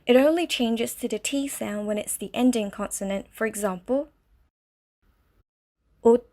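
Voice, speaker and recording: A woman narrating a scripted language lesson, explaining step by step in a slow, clear way. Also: fairly high pitch, a little mellow. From Malaysia. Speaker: language teacher.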